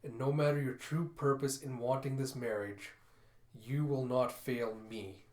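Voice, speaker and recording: A man's voice: mid-range voice, steady tone, a little slow, darkish tone, reverberant, natural voice. A man reading a stern, commanding female warlord. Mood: grave.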